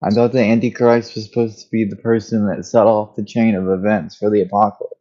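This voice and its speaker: Mellow, low-voiced easygoing man. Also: level tone, fairly quick, highs cut off. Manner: easygoing, laughs often, hedging musings. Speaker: podcast co-host. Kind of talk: casual comedic chat.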